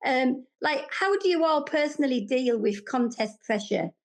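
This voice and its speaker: A woman's voice: high voice, expressive, moderate pace. A woman hosting a podcast, chatting enthusiastically and ending many lines with tag questions. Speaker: podcast host. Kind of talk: casual chat.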